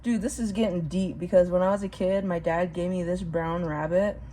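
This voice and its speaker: A young woman vlogging casually outdoors, rambling and excitable, swearing casually and calling her viewers bro. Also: on the low side, moderate pace, slight background noise. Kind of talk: casual vlog talk to viewers. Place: outdoors at home.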